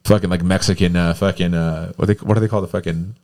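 A podcast host in loose, profane casual chat. He talks quickly in a fairly low voice. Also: steady tone, dark tone. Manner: fast, loose, swears freely.

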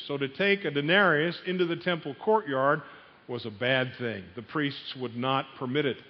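Guy preaching a sermon, kinda high voice, muffled lo-fi recording. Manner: storytelling, asks the audience questions. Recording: dull sound in a long-reverb hall.

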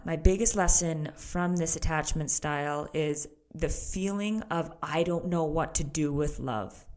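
Candid, laughing woman podcast host. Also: sits low. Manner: candid, laughs often, talks to the listener directly. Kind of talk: casual solo podcast talk.

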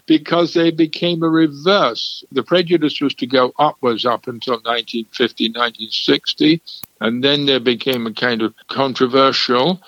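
A man's voice: medium pitch, steady tone, moderate pace, fairly bright tone, dry recording, lo-fi sound. An older man, explaining language history in a discursive, lecturing way during a radio interview. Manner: discursive, lecturing, with small chuckles. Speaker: language expert.

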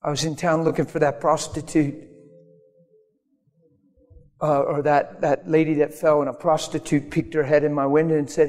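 A man's voice: a little high, little pitch movement, moderate pace, long pauses, darkish tone. A man preaching a sermon, telling stories in an emphatic way that rises to sudden bursts. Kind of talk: sermon storytelling. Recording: long hall reverb with faint music.

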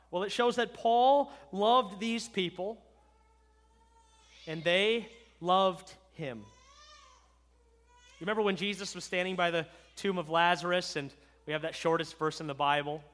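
A man who is a pastor, preaching a farewell sermon with emphasis, moving from loud declarations to hushed words and often checking in with "right?". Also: sits high. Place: church sanctuary. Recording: long reverb of a large hall.

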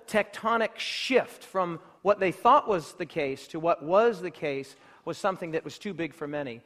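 Male preacher, high-pitched and emphatic, driving home points with repetition, long hall echo. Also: a little slow, hardly any pauses, sharp tone. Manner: emphatic, rhetorical, builds through repeated phrases. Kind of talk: sermon.

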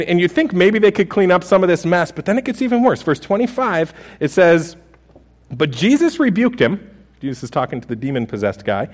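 A man in his thirties preaching a sermon as pastor, conversational and humorous, with frequent restarts. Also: fairly high pitch.

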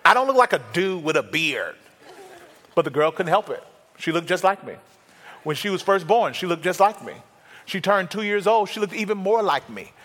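A middle-aged male pastor preaching an animated, humorous sermon that builds to rousing exhortation. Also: high voice, normal speed. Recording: reverberant hall.

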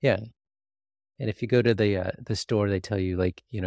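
A man co-hosting a casual podcast, his voice sitting low. He keeps the talk going with questions and quick agreements. The recording is dry, with no room sound. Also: steady tone, darkish tone, no room sound. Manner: prompts with questions, chimes in with short agreements. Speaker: podcast co-host. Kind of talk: casual conversation.

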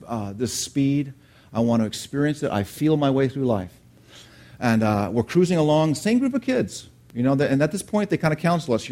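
Animated storytelling male preacher. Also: mid-range voice. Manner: animated storytelling, asks the congregation questions. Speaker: pastor. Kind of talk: sermon with personal story.

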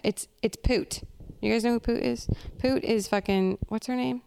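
A woman's voice: a little high, fairly even intonation, normal speed, creaky, a little mellow, slight background noise. A young woman hosting a podcast, ranting in a blunt, profane, oversharing comic monologue. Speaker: podcast host. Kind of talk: comedic solo rant.

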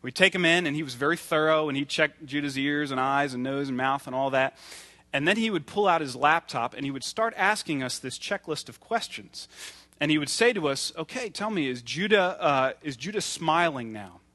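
A man's voice: fairly high pitch, fairly quick, bright, forceful tone. A man in his thirties preaching a sermon in an earnest, conversational way, acting out little stories as he goes. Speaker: pastor.

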